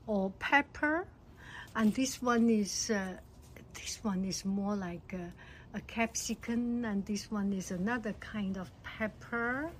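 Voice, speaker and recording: Lady vlogging out in her garden, slow, gasps a lot, a bit high, faint noise behind. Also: poor audio. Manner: gasping and delighted, repeats herself. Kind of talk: casual garden vlog. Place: home garden, outdoors.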